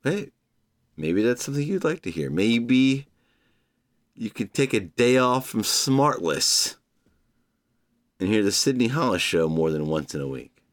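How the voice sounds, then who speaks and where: A man's voice: lowish voice, sing-song, unhurried, long pauses. A man hosting his own podcast, rambling playfully and talking straight to his listeners as "humans". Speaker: podcast host. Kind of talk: casual solo podcast monologue.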